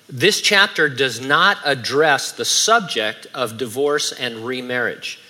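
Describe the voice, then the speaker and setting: A man's voice: mid-range voice, bright, forceful tone. A middle-aged man preaching a sermon in a conversational way, with dry humorous asides. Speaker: pastor.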